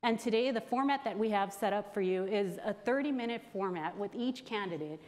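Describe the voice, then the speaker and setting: A woman in her thirties hosting a conference, telling a personal story to the audience in an anecdotal way with pauses. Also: mid-range voice, a little mellow. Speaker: conference host introducing candidates. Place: large conference hall. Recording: long hall reverb.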